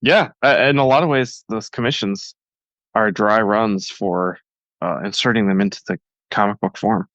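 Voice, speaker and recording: A man's voice: fairly low pitch, normal speed, fairly bright tone, no echo, lo-fi sound. A man talking as a guest on a podcast, enthusiastic and rambling with lots of fillers. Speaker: guest cartoonist. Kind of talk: casual podcast interview.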